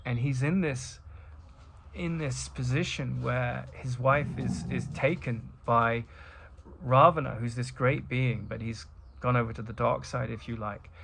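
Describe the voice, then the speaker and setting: Middle-aged male host, mid-pitched and gravelly, reflective rambling monologue. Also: fairly even intonation, unhurried, noisy background. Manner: rambling, with many restarts and asides. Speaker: spiritual talk host.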